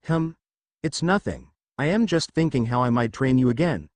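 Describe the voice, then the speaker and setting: A man voicing a calm, easygoing young male hero with a quiet edge, in a fan storybook reading. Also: medium pitch, moderate pace, no room sound, close to an everyday voice.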